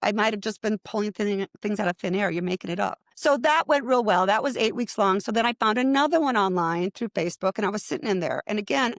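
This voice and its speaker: A middle-aged woman with a gravelly, creaky edge to her voice, chatting animatedly as an interview guest. She tells her stories with lively energy and slips into the voices of the people she quotes. The sound is dry and close, with little room echo. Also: mid-range voice, quick pace, few pauses. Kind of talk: conversational storytelling.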